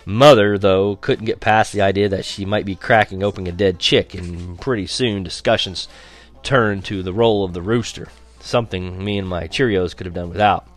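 Lively wry male narrator. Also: low-pitched, normal speed. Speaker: audiobook narrator. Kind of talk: first-person story reading.

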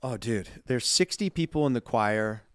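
Male podcast co-host, animated storyteller, everyday pitch, dry studio sound. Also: normal speed, clean tone, dry recording. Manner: animated storyteller, many "like" fillers. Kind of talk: casual podcast chat.

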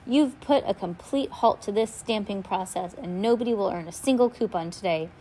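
A bossy mill foreman who blusters and bullies, as a woman reads him aloud. He barks orders like a gruff storybook boss. Faint noise runs underneath. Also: medium pitch, moderate pace, warm tone, natural voice. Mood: bullying. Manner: blustering and bullying.

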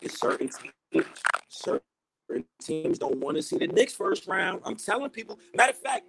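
A man's voice: moderate pace, poor audio. A man co-hosting a casual sports podcast, talking in a heated, joking way. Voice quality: gravelly, husky. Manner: animated, jumping pitch, heated and joking. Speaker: podcast co-host.

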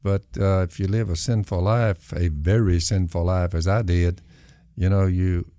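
An older man who speaks slowly and deliberately, with long pauses between phrases. His voice sits deep and low. The sound is dry and close, with no room echo. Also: fairly even intonation, warm tone. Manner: slow, measured, with pauses. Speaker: show regular, father of the hosts. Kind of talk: casual chat.

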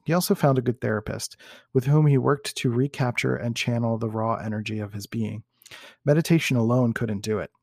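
Gravelly man reading aloud. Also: mid-range voice, darkish tone, dry recording, studio quality. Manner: measured, with occasional restarts and self-corrections. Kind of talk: reading a book aloud with commentary.

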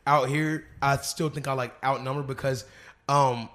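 A man's voice: medium pitch, fairly even intonation, normal speed, a bit bright. A young man from Arkansas telling stories in a loose, slang-heavy casual chat, full of fillers. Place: living room couch.

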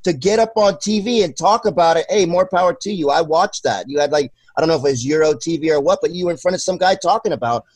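A middle-aged man with a notably high voice hosts a casual podcast chat, swearing freely and bursting into loud acted-out quotes. The sound is dry and close with no room around it. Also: fast talker, few pauses, no room sound. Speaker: podcast host.

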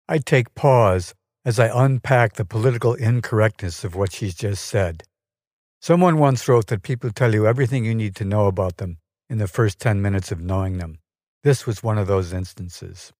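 A man narrating a scripted personal story for his podcast, measured and dryly wry. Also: on the low side, darkish tone.

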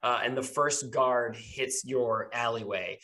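A man narrating as game master in a tabletop game podcast, relaxed and hesitant, laughing often. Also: medium pitch, slow.

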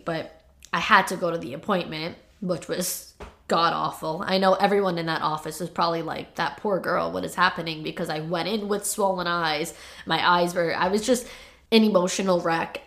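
Gravelly-voiced young woman podcast host. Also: on the low side, a bit bright. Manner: confiding, rambling with fillers like "like". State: choked up, tearful. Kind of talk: casual personal monologue.

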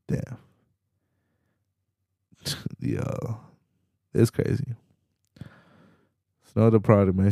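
A man's voice: lowish voice, vocal fry, dark tone, no room sound, studio quality. A young man hosting a podcast solo, ranting in loose, slangy, profane talk and tacking "man" onto nearly every sentence. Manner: slangy, profane, rambling, says "man" constantly. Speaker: podcast host. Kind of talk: casual solo podcast rant.

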